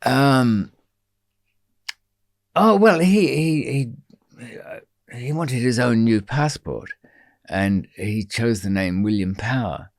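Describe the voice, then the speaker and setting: A man's voice: mid-range voice, slow, pauses often, no room sound, clean studio sound. A man who is a podcast guest, telling a long story in an interview in a rambling, digressive way, with many ums and wry asides.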